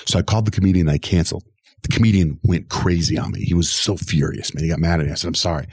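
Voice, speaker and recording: A middle-aged radio host, interviewed about his story, talks rapidly in a very deep voice and animatedly takes on the voices of those he quotes. The recording is dry, close, slightly rough, and echo-free.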